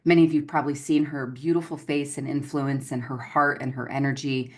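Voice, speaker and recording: A woman's voice: very deep voice, little pitch movement, fairly quick. A woman hosting an online gratitude series, introducing her guest in an effusive, gushing way. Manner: effusive and gushing, calls listeners "y'all". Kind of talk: enthusiastic livestream interview.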